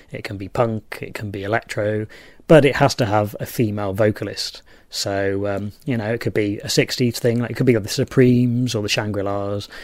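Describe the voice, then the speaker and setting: Rambling podcast host. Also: male voice, mid-range voice, warm tone, no echo, studio quality. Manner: self-deprecating, rambling with fillers. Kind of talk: casual podcast chat.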